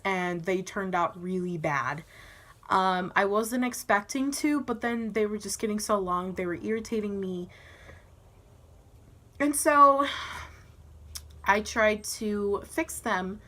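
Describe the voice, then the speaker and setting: A bright, clear-voiced teenage girl chats to her camera at home. She tells her story in a loose, giggly way, with plenty of "um" and "like," and acts out the other voices as she goes. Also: medium pitch. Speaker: vlogger.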